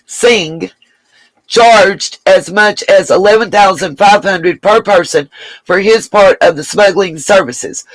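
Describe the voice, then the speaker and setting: A woman's voice: medium pitch, dry recording, rough recording. A woman hosting a live stream, chatting bluntly and emphatically, swearing freely and thanking viewers. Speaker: livestream host. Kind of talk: live-stream commentary and chat reading.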